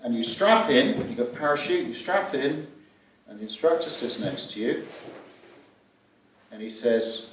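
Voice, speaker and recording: A middle-aged glider pilot gives fellow pilots a spoken safety talk, vivid and anecdotal, acting out scenes as he goes. His medium-pitched voice is expressive and normal in pace, recorded from far off in an echoey room with slight background noise.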